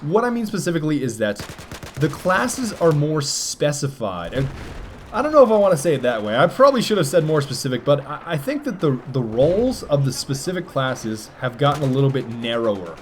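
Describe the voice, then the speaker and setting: A man's voice: fairly high pitch, big pitch swings, a little fast, a little hiss or hum. A young man giving jokey gameplay commentary for a video game, often breaking into silly voices. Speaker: gaming commentator.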